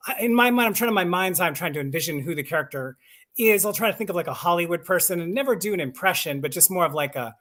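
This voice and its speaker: A man's voice: high voice, expressive, fast, fairly bright tone. A voice actor and audiobook narrator chatting casually and enthusiastically, laughing at himself as he explains his craft. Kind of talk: casual chat on a live stream.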